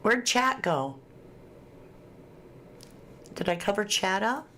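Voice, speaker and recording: A woman's voice: mid-range voice, big pitch swings, slow, pushed and bright, slight background noise. A woman hosting a casual livestream, chatting and reading viewer comments aloud with frequent laughs. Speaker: true crime livestream host.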